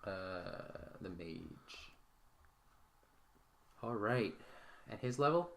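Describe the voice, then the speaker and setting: A man runs a tabletop game as dungeon master in a casual, blunt way. He swears freely and calls out misses with deadpan sound effects. A faint hiss and some clicks sit under the recording. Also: on the low side, extremely slow, creaky.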